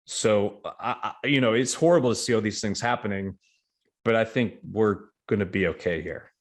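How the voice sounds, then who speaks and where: Man, low voice, middle-aged, interview guest, measured, confident, lots of fillers. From New York. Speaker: real estate investment guest. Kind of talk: casual interview talk.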